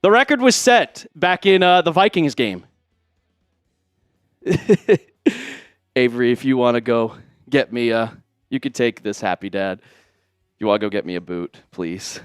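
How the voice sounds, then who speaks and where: A man hosting a live sports stream, excitedly reading out donations and shouting, out of breath at times. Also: mid-range voice, unhurried, pauses often, clean tone, no room sound, studio quality, soft background music. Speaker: livestream host.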